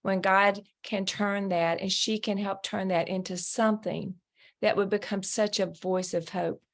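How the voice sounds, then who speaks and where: A woman's voice: mid-range voice, unhurried, creaky. Earnest woman telling a faith story. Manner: earnest, animated storyteller who acts out quoted voices. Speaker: guest, ministry founder. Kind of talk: conversational interview storytelling.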